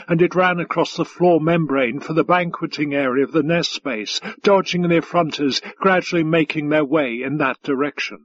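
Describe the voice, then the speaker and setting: Brief: male narrator, husky and slightly high, steady audiobook read. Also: dry recording, dull audio. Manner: measured, even storytelling. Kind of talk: scripted narration.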